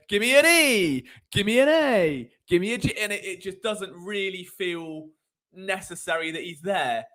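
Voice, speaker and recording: A man hosts a live sports talk stream, and his voice sits high for a man. He talks in an animated, sarcastic way and often wanders off on tangents. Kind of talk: live sports commentary chat.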